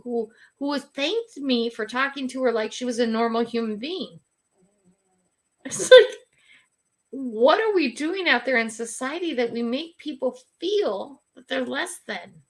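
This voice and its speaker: A woman's voice: high voice, bright, forceful tone. An older woman hosting a casual livestream, telling stories in a chatty, bossy grandmotherly way and laughing often. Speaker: livestream host.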